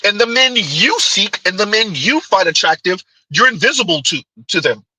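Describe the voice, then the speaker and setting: A man hosts a casual stream, reacting to clips with a mocking, giggling delivery. His voice sits high and very bright, with a husky edge. The sound is dry and close. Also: expressive, normal speed, dry recording, low-quality recording.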